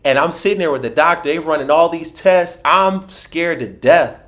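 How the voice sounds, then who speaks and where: A man from Philadelphia, a podcast guest, telling a personal story in an animated way with frequent restarts and acted-out quotes. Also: a little high, moderate pace.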